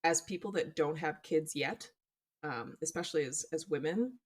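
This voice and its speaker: Lower-voiced woman chatting casually on a podcast. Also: moderate pace, husky. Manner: animated storytelling, swears casually. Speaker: podcast co-host. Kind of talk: casual chat.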